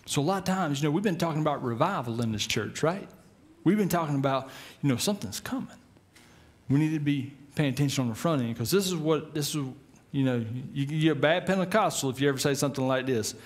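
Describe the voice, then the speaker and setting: A middle-aged man preaching a sermon as pastor, telling the story with lively put-on voices and chuckles. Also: on the high side. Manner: animated storytelling, acts out voices with laughs.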